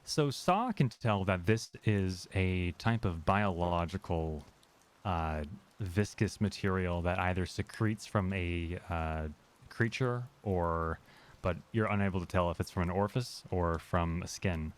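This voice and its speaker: This is a very deep-voiced man running a tabletop game. He narrates what the players find in a measured, unhurried way, stopping often on ums and uhs. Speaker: game master.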